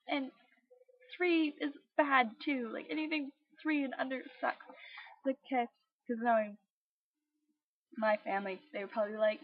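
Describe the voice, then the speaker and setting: Bubbly young woman vlogging, husky lo-fi. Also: on the high side, moderate pace, long pauses, dry recording. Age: young adult. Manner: bubbly, acts out voices of others. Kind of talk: casual storytelling vlog. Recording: dull lo-fi webcam audio.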